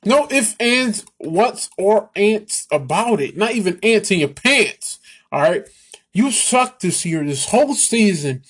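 An exasperated man hosts his own sports talk show, ranting at length with a sarcastic edge. He talks at a slow, drawn-out pace, piling on mock disbelief. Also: high-pitched, very animated, fairly bright tone, slightly rough. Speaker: sports podcast host.

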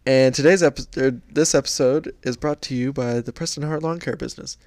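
A man's voice: medium pitch, brisk, a little mellow, dry recording. A young man co-hosting a podcast in casual chat, rambling through stories and laughing as he goes. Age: young adult. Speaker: podcast co-host.

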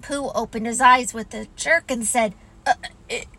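A woman narrating a storybook in a gentle, expressive reading voice. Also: fairly high pitch, moderate pace, poor audio.

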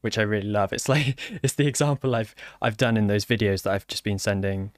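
A man who develops software, talking casually and haltingly with many fillers and restarts. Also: on the low side, steady tone, dry recording, clean studio sound. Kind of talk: casual conversation.

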